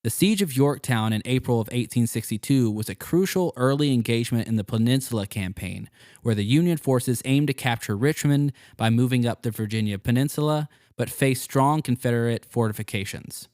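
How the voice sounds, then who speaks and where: A man's voice: mid-range voice, brisk, a little mellow, no echo, clean studio sound. A man hosting a casual history podcast, reading out narration and joking with his co-host. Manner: laughs easily, joking.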